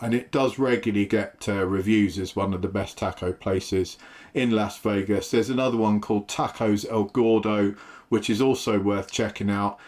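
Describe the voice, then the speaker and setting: A man with an English accent giving a casual, rambling travel talk to camera, full of fillers. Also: lowish voice. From England. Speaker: travel vlogger.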